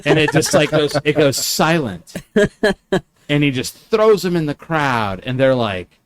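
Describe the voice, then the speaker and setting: A man's voice: on the high side, expressive, a little slow, background noise. A man hosting a casual chat, telling a story with lots of fillers and restarts. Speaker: podcast host.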